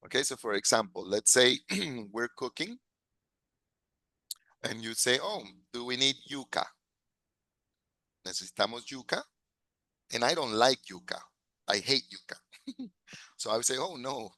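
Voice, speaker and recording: A man who grew up in the United States, teaching an online English class, switching into Spanish, laughing often and modeling phrases slowly. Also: mid-range voice, sharp tone, no echo.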